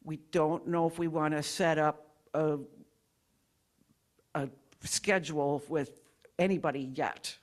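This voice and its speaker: A woman's voice: low-pitched, fairly even intonation, takes it slowly, long pauses. A woman giving friendly, rambling church announcements as board president, often stopping to correct herself.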